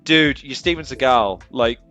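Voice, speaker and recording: A man's voice: medium pitch, measured pace, lo-fi sound, soft background music. Man telling stories with a laugh. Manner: animated storyteller, laughs often, rambling asides. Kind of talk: casual chat.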